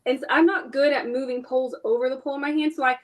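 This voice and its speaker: A woman telling a fishing story in a casual chat, expressive and quoting herself often. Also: high-pitched, rapid-fire. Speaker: guest.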